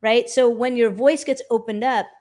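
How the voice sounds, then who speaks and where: A woman vocal coach, a guest in a casual interview, explaining with animated talk and quick sung examples. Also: fairly high pitch. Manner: animated, demonstrates by singing snippets.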